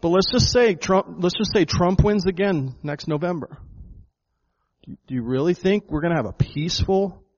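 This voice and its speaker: A man preaching a sermon in a church hall, his voice on the high side for a man. He speaks with emphatic conviction, doubling words as he presses his points to the congregation. The recording is dull and lo-fi. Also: moderate pace. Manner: emphatic, repeats words, addresses the congregation as folks. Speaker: pastor.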